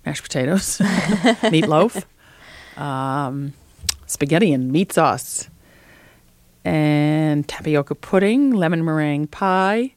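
A woman food writer as an interview guest, telling lively, opinionated stories in casual conversation. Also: sits low, takes it slowly, dry recording.

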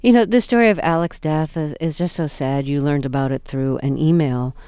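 A woman interviewer asks measured, thoughtful questions. Her voice is very low, with a smooth, resonant tone. The sound is dry and close. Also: warm tone, dry recording.

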